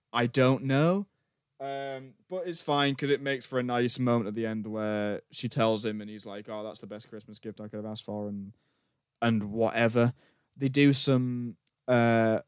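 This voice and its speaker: A man's voice: mid-range voice, smooth, dry recording, studio quality. A man co-hosting a podcast, rambling casually in sardonic griping about a film. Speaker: podcast co-host. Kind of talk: casual chat.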